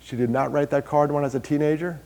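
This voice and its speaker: A man from New York talks fast in a slightly high voice during a live mental health talk to a large hall audience. Long reverb fills the recording as he spins lively stories, quizzes people and makes jokes about himself.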